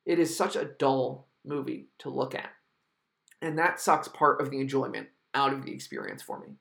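A man's voice: mid-range voice, moderate pace, gravelly, fairly bright tone. A man delivering an exasperated, profanity-laced film review monologue with heavy emphasis.

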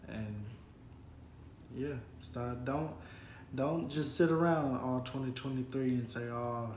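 A man's voice: mid-range voice, slow pace, darkish tone. A man co-hosting a casual podcast chat, laid-back and motivational, chuckling often. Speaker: co-host. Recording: echoey room with faint noise.

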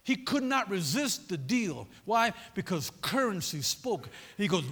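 A male preacher with a high, gravelly voice that swings widely in pitch, delivering a sermon with insistent repetition. He keeps checking in with the congregation through short questions. A long reverb hangs around him, as in a big church hall. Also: big pitch swings, measured pace, few pauses, a bit bright. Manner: repetitive, emphatic, prods the audience with "huh?". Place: church sanctuary.

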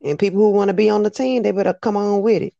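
A woman co-hosting a podcast in casual chat, affirming her partner in quick back-and-forth. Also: mid-range voice, steady tone, creaky, mellow, dry recording. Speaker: podcast co-host. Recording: dull dry lo-fi sound.

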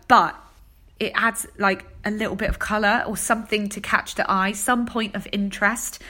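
A woman hosting a chat show segment talks casually about baking and fashion. Her mid-range voice is chatty and animated, full of quick asides punctuated by laughs.

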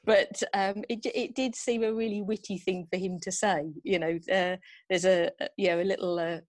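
A woman co-hosting a podcast, chatting thoughtfully with many pauses. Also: mid-range voice, steady tone. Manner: thoughtful, hesitant with fillers. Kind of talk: casual chat.

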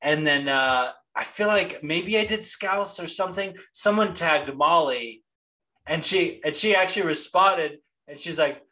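A man co-hosting a podcast in casual chat, excitable and profane, quick to laugh. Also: a little high, rough recording. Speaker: podcast co-host.

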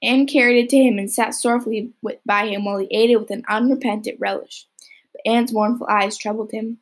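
A woman's voice: medium pitch, steady tone, fast talker. A young woman reading a novel chapter aloud, with the odd slip and restart. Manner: occasional slips and restarts. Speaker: audiobook reader.

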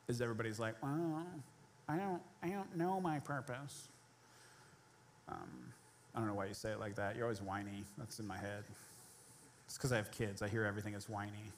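A man in his thirties preaching a sermon as pastor, telling a biblical story in an animated way and acting out its characters. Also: fairly low pitch, a little hiss or hum.

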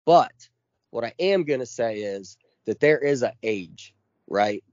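A man's voice: medium pitch, lively intonation, unhurried, a little mellow, no echo, lo-fi sound. Profane ranting man on a podcast. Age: 40s. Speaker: podcast co-host. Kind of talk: casual chat.

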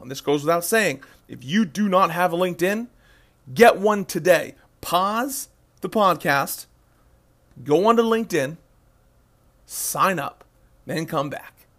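Young male podcast host, slightly high voice, loose, repetitive coaching talk. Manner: energetic, repeats himself, acts out sample calls. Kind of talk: casual sales advice podcast.

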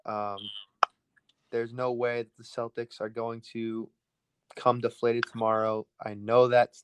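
A man co-hosting a casual sports podcast, running quickly through his betting picks. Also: mid-range voice, little pitch movement, clear, resonant tone. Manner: rapid-fire, rattles through picks. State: out of breath.

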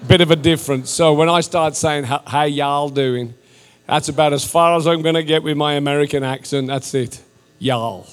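A man from England, a visiting missionary preaching a jovial sermon that turns to loud exhortation. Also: on the high side, steady tone, fast talker, few pauses, long reverb tail. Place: church sanctuary.

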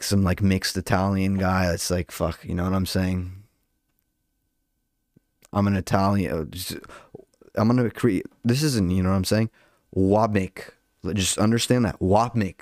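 A fired-up young man rants casually to his viewers, stumbling through filler words and swearing freely. His voice sits slightly low, and the recording is dry and close with no room sound. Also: darkish tone, no echo. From Albanian heritage. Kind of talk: casual rant to camera.

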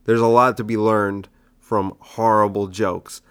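Un humoriste qui décortique ses blagues, ton décousu. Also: male voice, fairly low pitch, little pitch movement, measured pace, clean tone. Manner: rambling, self-mocking, picks apart his own jokes. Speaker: stand-up comedian and podcast host. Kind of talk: casual solo podcast monologue.

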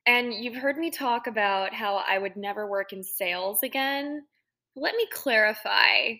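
A woman's voice: on the high side, unhurried, bright, forceful tone. A woman co-hosting a podcast, talking candidly and self-critically in casual chat. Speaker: podcast co-host.

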